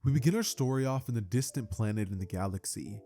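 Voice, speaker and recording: A man's voice: on the low side, fast talker, over loud music. A young man hosting his channel, casually improvising and narrating a story in a rambling, laid-back way.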